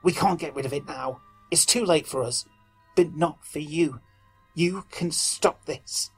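A man's voice: on the high side, a little slow, breathy edge, soft background music. A man voicing a terrified husband on the phone, pleading and cracking under strain. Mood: frantic. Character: frantic, terrified middle-aged husband on the phone.

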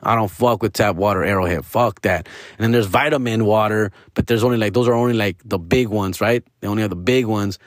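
A man's voice: on the low side, brisk, no echo, studio quality. A man, a comedian, ranting casually, slangy and profane, slipping Spanish into his talk. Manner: slangy, profane, mixes Spanish, calls listener fool. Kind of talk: casual rant.

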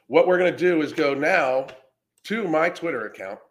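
A man's voice: a little high, lively intonation, normal speed. A man hosting a podcast livestream, reading comments aloud and mocking trolls in a brash, profane, casual way. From Florida. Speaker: podcast host reacting to comments.

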